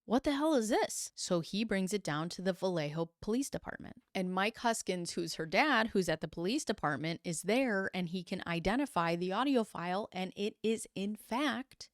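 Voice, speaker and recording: Animated woman retelling a true crime story. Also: mid-range voice, no room sound, studio quality. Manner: animated, acting out quotes in quick impressions; incredulous, sarcastic asides.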